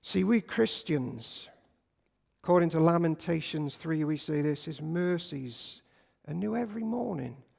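Preacher with a high, gravelly voice. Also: male voice, expressive, a little slow. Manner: storytelling with swings from loud to hushed. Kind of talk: sermon. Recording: long hall reverb.

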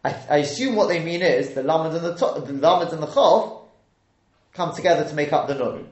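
A man's voice: a little high, a little fast, highs cut off. A man teaching a live Torah class, acting out the speakers he quotes and often correcting himself mid-sentence. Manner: lively, dramatizes quoted speakers, frequent self-corrections. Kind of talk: live Torah study lecture. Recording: roomy echo.

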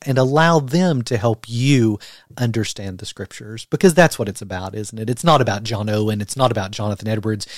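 A man's voice: fairly low pitch, dry recording, clean studio sound. A man from the United States, a guest author, speaking earnestly and thoughtfully in an interview, with frequent fillers. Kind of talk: conversational interview.

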